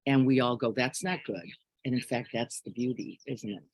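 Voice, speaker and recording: A middle-aged woman giving a reflective spiritual teaching in a gentle, unhurried way, often closing her points with soft tag questions. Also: extremely low pitch, no room sound, low-quality recording.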